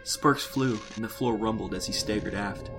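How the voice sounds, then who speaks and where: A male narrator reads a science fiction story in a measured, steady way. His voice sits fairly low, and clear music plays beneath the reading. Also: low-quality recording. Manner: measured, descriptive. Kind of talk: scripted sci-fi audiobook narration.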